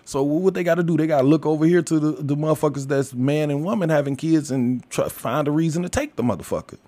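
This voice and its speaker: A man's voice: on the high side, quick pace, no echo. Profane ranting man, dry close sound. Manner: crude, loud, laughs often. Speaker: commentator. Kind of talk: casual profane rant.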